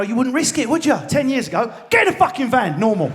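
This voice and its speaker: A man's voice: very high-pitched, sing-song, quick pace, few pauses. A man with an Essex and London accent doing live stand-up comedy in a large theatre, brash, sweary and baiting the crowd. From Enfield, England.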